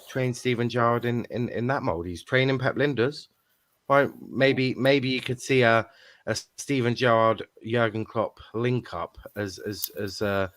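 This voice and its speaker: Low-voiced jokey male host. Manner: rambling, jokey, swears freely. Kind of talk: casual panel chat.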